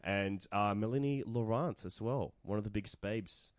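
A man's voice: lowish voice, normal speed, dry recording, studio quality. An Australian man talking films casually as a podcast co-host, saying "like" a lot and laughing easily. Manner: laughs often, says "like" a lot. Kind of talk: casual film discussion.

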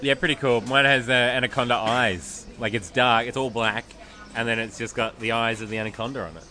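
A man's voice: mid-range voice, fairly even intonation, fairly quick, sharp tone. A man chatting enthusiastically about movies as a contestant, laughing a lot. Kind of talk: casual chat.

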